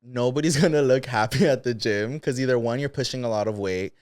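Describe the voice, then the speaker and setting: A man's voice: mid-range voice, brisk, no echo, clean studio sound. A man co-hosting a podcast, chatting casually, joking and talking with many fillers. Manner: animated, jokey, hesitant with many fillers. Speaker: podcast co-host. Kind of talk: casual chat.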